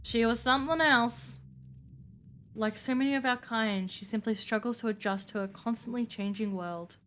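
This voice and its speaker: A woman voicing a gracious elder vampire patron who speaks formally and in a measured way. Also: fairly high pitch, a bit bright, a little hiss or hum, lightly acted.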